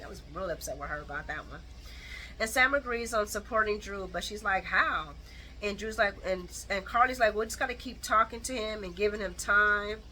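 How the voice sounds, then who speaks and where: Bright-voiced woman recapping, blunt and animated. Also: mid-range voice, fairly quick, slight background noise, rough recording. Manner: animated, blunt, colloquial, with mocking asides. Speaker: soap opera recap host. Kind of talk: casual chat recap.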